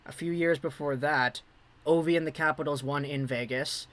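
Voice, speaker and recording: Chatty guy, slightly high voice. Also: steady tone, normal speed, a bit bright, rough recording. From Vancouver, Canada. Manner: chatty, reads out and answers viewer chat. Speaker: livestream host. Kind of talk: casual hockey livestream chat.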